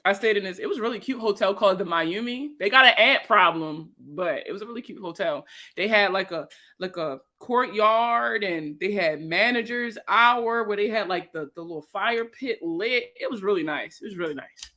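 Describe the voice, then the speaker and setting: Bright, chatty Baltimore woman streaming live. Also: medium pitch, normal speed. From Baltimore, USA. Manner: loose, slangy and chatty, reads out viewer names. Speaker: financial educator hosting a livestream. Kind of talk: casual livestream chat answering viewer comments.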